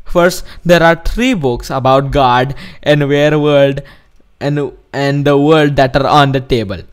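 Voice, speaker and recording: A man doing a put-on Indian accent, reading game notes aloud as a stiff, formal narrator. He stumbles and restarts as he reads, his pitch sitting in an ordinary middle range. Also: takes it slowly, clear, resonant tone, natural voice. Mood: mock formal.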